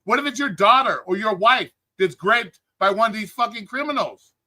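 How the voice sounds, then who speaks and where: Angry streamer host, high tense voice, heated profane rant, calls out his chat. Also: expressive, normal speed, bright, forceful tone. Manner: angry, heated, swearing constantly; greets live chat viewers between rants. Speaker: livestream host.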